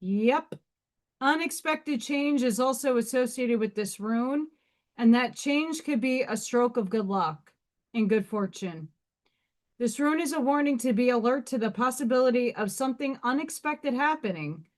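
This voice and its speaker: A woman's voice: fairly high pitch, animated, a little slow. A woman in her thirties hosting a casual livestream, chatting bluntly and reading rune meanings aloud. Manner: blunt, swearing, laughing asides. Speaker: livestream host.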